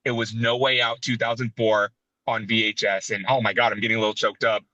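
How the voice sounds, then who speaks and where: An animated man in his thirties tells sentimental stories on a casual podcast. His voice is bright and forceful, and it comes through dry and a little dull. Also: on the low side, fairly quick, no room sound. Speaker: podcast co-host. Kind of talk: casual wrestling podcast chat.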